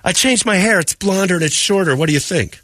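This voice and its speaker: A woman's voice: fairly low pitch, lively intonation, fast talker, fairly bright tone, no echo, voice pushed up. A man voicing a vain woman coworker who fishes for compliments, pouty and insistent. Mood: fishing.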